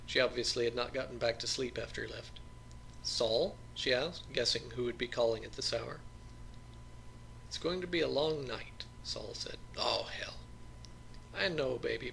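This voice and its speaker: A man reading a novel aloud as an audiobook narrator, in plain, steady storytelling. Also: medium pitch, creaky, slight background noise.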